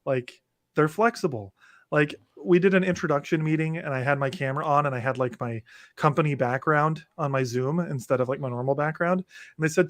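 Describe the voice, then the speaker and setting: A man with a somewhat high voice and fairly quick delivery co-hosts a podcast from his home setup, with no echo on the recording. The conversation is casual; he rambles animatedly and keeps starting over.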